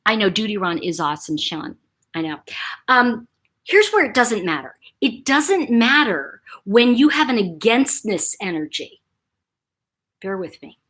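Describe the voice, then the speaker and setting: Brief: a woman from New York State as a livestream host, lively pitch, slightly husky. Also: measured pace. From Buffalo, New York, USA. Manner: animated, talks in dramatized quotes. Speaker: channel host. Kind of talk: livestream chat.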